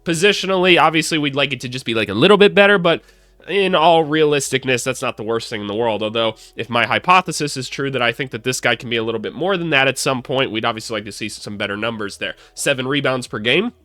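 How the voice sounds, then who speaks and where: Young man, bright tense tone, dry close mic, upbeat casual sports breakdown, self-deprecating. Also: medium pitch, lively intonation, fast talker, no room sound, soft background music. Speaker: basketball analyst and former college coach.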